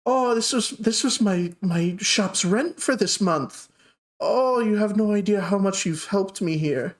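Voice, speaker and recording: A man doing a doting little old granny. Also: unhurried. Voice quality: high, doting voice. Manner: coos over everyone. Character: sweet little old woman baker, fussing.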